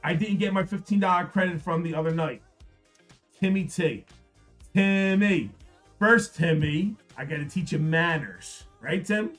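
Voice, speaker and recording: A man hosting a live card-break stream, repeating prices and hyping the product in an upbeat sales pitch. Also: measured pace, fairly bright tone, faint music behind. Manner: upbeat, repetitive hype.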